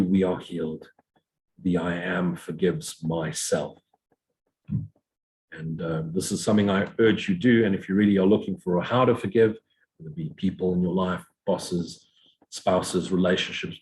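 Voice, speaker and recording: Lower-voiced man giving a meditative spiritual talk. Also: a little mellow, rough recording. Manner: slow, meditative repetition of affirmations. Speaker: spiritual teacher.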